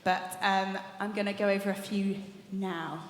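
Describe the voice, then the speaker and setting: A young woman vocal coach runs a live masterclass in a large conference hall, chatty and encouraging, laughing often while demonstrating exercises. Her mid-range voice keeps a fairly even intonation at a measured pace. The hall is echoey with long reverb, and there is slight background noise.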